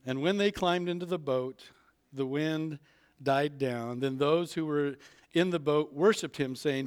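A man's voice: fairly high pitch, measured pace, a little mellow, smooth. A man preaching a sermon, retelling a Bible story in a casual way, acting out the characters' lines and chuckling as he goes. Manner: retells scripture conversationally, acts out voices, chuckles.

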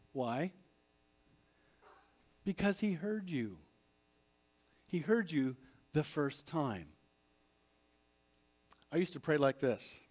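Pastor, male, slightly higher voice, lively sermon delivery. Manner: animated, acts out prayers and God's replies.

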